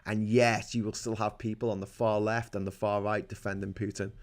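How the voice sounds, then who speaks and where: A man's voice: lowish voice, level tone, brisk. A man hosting a livestream, giving profane, heated and indignant political commentary into a desk mic. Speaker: livestream host.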